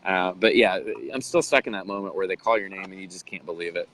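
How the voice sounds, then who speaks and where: A man with a somewhat low voice recounts his story in a casual interview. He tells it animatedly, slipping into the voices of the people he quotes. Faint noise sits under his voice. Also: fast, fairly bright tone, low-quality recording. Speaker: interview guest, bodybuilder.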